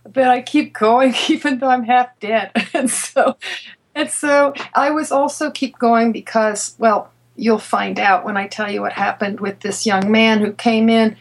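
A woman guest telling a personal story in conversation, halting and restarting her sentences, laughing now and then. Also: on the high side, fairly even intonation, rough recording. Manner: halting, with many restarts and repeated words. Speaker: interview guest.

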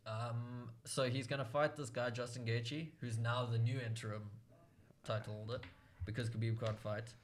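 Relaxed young man in casual podcast banter. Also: medium pitch, normal speed, slight background noise. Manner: relaxed, laughs often, hesitant fillers. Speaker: podcast co-host. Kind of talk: casual chat.

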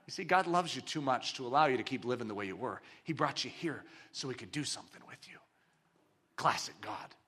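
A man preaching a sermon, swinging between loud, forceful exclamations and quiet, intimate asides. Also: fairly high pitch. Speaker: pastor.

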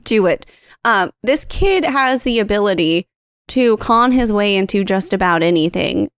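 A woman's voice: mid-range voice, animated, moderate pace, smooth, no room sound, studio quality. A woman in her thirties co-hosting a podcast, chatting casually and acting out her kids' voices in her stories. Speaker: podcast co-host. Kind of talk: casual storytelling chat.

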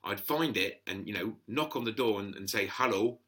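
A man, chatting as an interview guest and telling stories, animated and quick to laugh, often acting out the voices of people he quotes. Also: on the low side. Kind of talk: casual storytelling interview.

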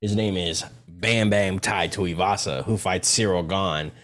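A man's voice: deep voice, steady tone, unhurried, fairly bright tone. A young man co-hosting a casual sports chat, laid-back and slangy, with many fillers. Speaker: podcast co-host.

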